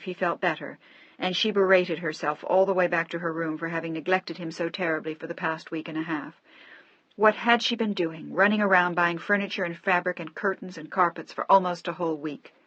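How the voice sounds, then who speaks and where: A woman narrating a romance novel in a measured, steady audiobook reading. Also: on the low side, no echo. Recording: dry, slightly dull audio.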